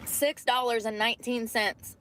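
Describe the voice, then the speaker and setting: A woman films a casual vlog from inside her car, chatting to her viewers in a candid, rambling way and swearing freely. Her voice sits a little high. Clear vehicle noise hums behind her. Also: fairly even intonation, moderate pace. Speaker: vlogger.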